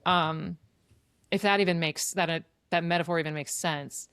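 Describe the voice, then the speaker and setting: A woman's voice: on the low side, steady tone, normal speed, fairly bright tone, clean tone, no echo, studio quality. A woman hosting a podcast, talking through ideas in a reflective, casual way with many fillers. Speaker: podcast host. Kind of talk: casual conversation.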